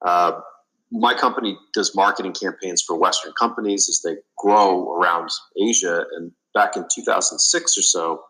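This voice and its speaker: Male podcast guest, low pitch, bright and forceful delivery, talks earnestly. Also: low-quality recording. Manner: earnest storytelling with fillers and restarts. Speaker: guest, business consultant. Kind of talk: casual interview.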